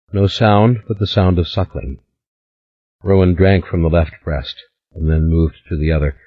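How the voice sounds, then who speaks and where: A man narrating an audiobook in a measured, dramatic way. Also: sits low, slightly rough, lo-fi sound. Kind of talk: scripted narration.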